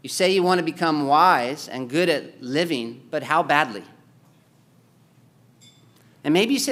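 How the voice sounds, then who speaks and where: Male pastor, higher-pitched voice, sermon delivery that alternates between forceful urging and hushed storytelling. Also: animated, moderate pace, pauses often. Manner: emphatic, swings between loud exhortation and quiet storytelling.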